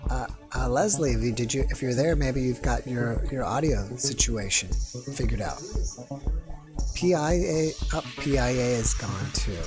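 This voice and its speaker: A man's voice: mid-range voice, moderate pace, music in the background. Rambling male livestream host. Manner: rambling, self-correcting, thanks viewers. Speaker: livestream host taking callers. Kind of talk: casual live-stream chat.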